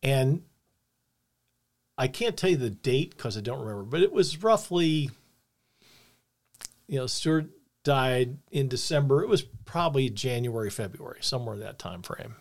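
A man's voice: medium pitch, animated, normal speed, pauses often. Older man telling a heartfelt story. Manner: earnest, reflective storyteller. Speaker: podcast co-host. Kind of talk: personal storytelling.

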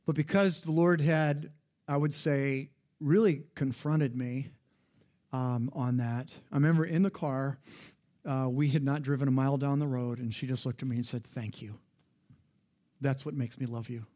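A middle-aged male pastor preaching a sermon in a conversational, storytelling way, his voice jumping up and dropping low. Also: fairly even intonation, moderate pace, mellow. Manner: conversational, personal storytelling with sudden rises and drops in pitch and volume.

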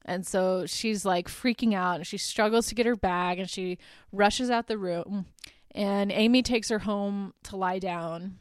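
A young adult woman hosting a podcast, chatting through a movie plot with lots of "like" and quick laughs. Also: mid-range voice, fairly even intonation, clear, resonant tone, no echo, clean studio sound. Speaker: podcast host. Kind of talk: casual movie recap.

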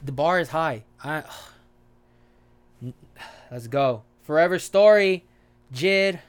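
A man hosting a casual album reaction, excitable and swearing freely as he hypes each track. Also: on the high side, slow pace, smooth. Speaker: music reaction host.

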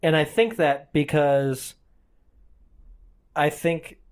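A man's voice: on the high side, very slow, clear, resonant tone. A man co-hosting a comedy podcast, rambling and self-deprecating in casual chat. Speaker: podcast co-host.

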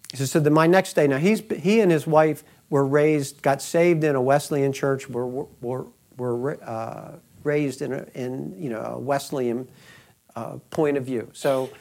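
A middle-aged male podcast host with a voice pitched a little higher than most men. He tells a story in an unscripted, conversational way, passing on another man's account and quoting long stretches of what that man said. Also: darkish tone.

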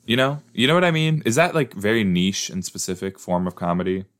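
A man's voice: fairly low pitch, lively intonation, a little fast, fairly bright tone. A young man chatting casually as a podcast host reacting to a TV episode, rambling, playful and easily startled. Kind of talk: casual watch-along commentary.

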